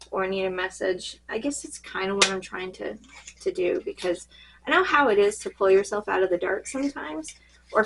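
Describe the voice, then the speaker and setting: A woman reading cards in a casual spiritual check-in, her voice fading and a little hoarse, rambling and halting with many fillers. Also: medium pitch, a bit bright, low-quality recording. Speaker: tarot card reader.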